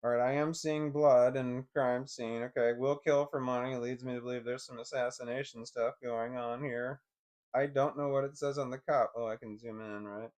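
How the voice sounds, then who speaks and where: A man vlogger with a darkish, steady, mid-range voice talks at normal speed during casual screen-share commentary. Fumbling to zoom a picture on his computer, he rambles, curses frequently, and mutters with frustration as he thinks aloud to viewers.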